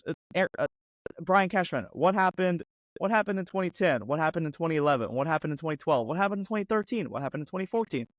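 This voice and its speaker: Man, sports podcast rant, fired-up and mocking, slightly high voice, dry close mic, voice fraying. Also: expressive, dry recording. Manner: fired-up, mocking, rapid-fire rhetorical questions. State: losing his voice. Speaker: podcast co-host.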